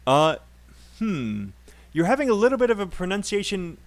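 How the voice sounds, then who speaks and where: A man's voice: sits high, sing-song, normal speed. A man teaching English pronunciation in a live online class, encouraging and laughing often as he corrects students.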